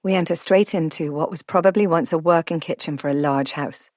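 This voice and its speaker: Low-voiced woman narrating an audiobook. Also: darkish tone, dry recording, studio quality. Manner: measured, reflective. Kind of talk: scripted first-person narration.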